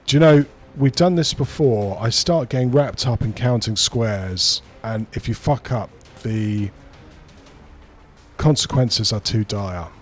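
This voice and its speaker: A man's voice: mid-range voice, unhurried, soft background music. A man streaming a strategy game who talks through his moves in rambling, casual commentary and swears freely.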